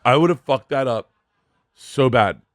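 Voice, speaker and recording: A man spins a comic story on a podcast, rambling and animated, with plenty of swearing. His voice sits at an ordinary middle pitch. The sound is dry and close, with almost no room in it. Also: unhurried, no room sound. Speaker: podcast host. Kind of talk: casual comedic storytelling.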